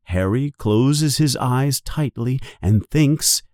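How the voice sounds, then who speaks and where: Guy narrating a kids' story, expressive and slow, mid voice, dry mic. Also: dry recording. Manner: expressive, with high shouted character calls. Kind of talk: storybook reading.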